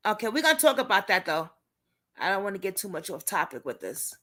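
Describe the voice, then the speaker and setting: Animated woman chatting on a livestream. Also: mid-range voice, fast. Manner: animated, chatty, talks straight to viewers. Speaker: livestream host and advocate. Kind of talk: casual livestream chat.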